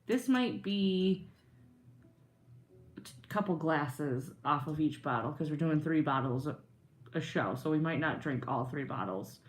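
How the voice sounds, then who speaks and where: A woman's voice: low-pitched, lively intonation, measured pace, long pauses, faint music behind. A woman co-hosting a casual wine-tasting podcast, talking in a blunt, jokey way. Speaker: podcast co-host.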